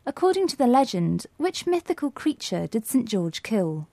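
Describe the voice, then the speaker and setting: Woman, mellow warm tone, clear quizzing presenter, scripted lesson. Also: a little high, sing-song, normal speed, no echo. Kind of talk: scripted educational podcast.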